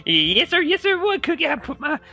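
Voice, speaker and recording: A man's voice: very high voice, very animated, a little fast, creaky, pushed and bright, soft background music, heavily acted. A man voicing a boastful, crude male gunslinger with a rowdy, cackling drawl.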